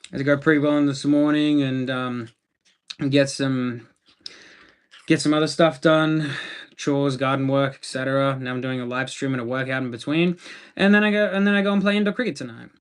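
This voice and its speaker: A man's voice: medium pitch, a little fast, smooth. An Australian man chatting casually on a livestream, laid-back and rambling as he answers viewer comments.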